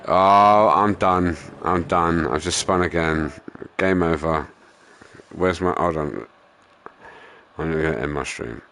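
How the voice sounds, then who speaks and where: A man's voice: rumbling low, takes it slowly, creaky, fairly bright tone, slight background noise. A young man swearing, laughing and ranting in casual live-stream commentary while racing. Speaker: gaming streamer.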